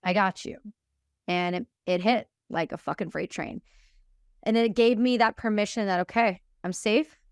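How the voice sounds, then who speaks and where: A woman in her thirties from Canada, a military veteran telling her story frankly and with emotion in an interview, quoting others in quick dialogue. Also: mid-range voice, smooth, dry recording, clean studio sound. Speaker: podcast guest, military veteran.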